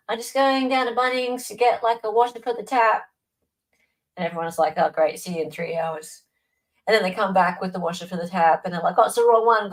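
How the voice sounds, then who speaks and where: A woman with an Australian accent and a voice on the low side hosts a casual livestream, chatting and answering viewers' comments by name. The audio quality is poor.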